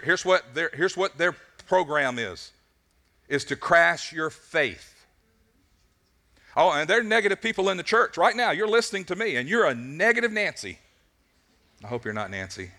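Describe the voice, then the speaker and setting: A man preaching to his congregation, with a bright, forceful voice that sits a little high. He tells his story with lots of animation, stumbling into quick repeated words as he builds toward each point. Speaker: pastor. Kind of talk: sermon. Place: church service.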